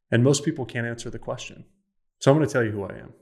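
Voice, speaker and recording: A man's voice: on the low side, fairly even intonation, fairly quick, vocal fry. A man in his thirties, a podcast guest and founder, telling a personal story in an earnest, emphatic way.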